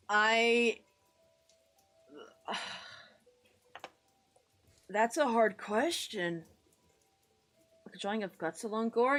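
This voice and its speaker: While drawing on a live stream, a woman from the United States chats casually in a medium-pitched voice. She rambles, pokes fun at herself, mutters to herself and cheerfully greets her chat.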